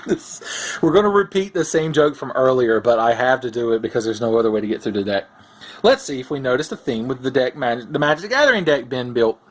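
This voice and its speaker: A young man hosting casual comic commentary on game cards, sarcastic, profane and animated. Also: mid-range voice. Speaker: host.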